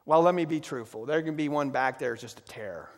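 A middle-aged male pastor preaches in a church sanctuary, his voice sitting a little high for a man. He tells his story with sweeping dynamics, pressing hard on key words, then dropping almost to a hush. A long reverb trails every phrase through the hall. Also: fast talker. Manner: storytelling with wide swings from loud emphasis to hushed, soft delivery. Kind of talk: sermon.

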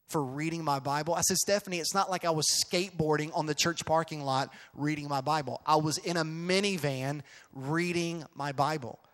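Man preaching in a reverberant hall. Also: a little high. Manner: storytelling with shifts from quiet asides to loud, emphatic outbursts. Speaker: pastor. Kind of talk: sermon. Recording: long reverb of a large hall.

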